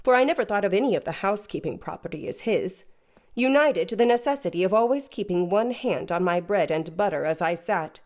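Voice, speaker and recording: Woman narrator, measured and even, reading a classic novel aloud. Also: medium pitch. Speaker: audiobook narrator. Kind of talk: scripted narration.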